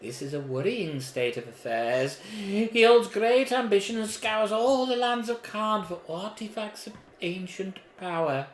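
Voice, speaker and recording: A man's voice: high voice, expressive, a little slow, hardly any pauses, voice pushed up. A man reading out a mysterious, disembodied female voice in a board game, with a grave, formal delivery. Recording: echoey room.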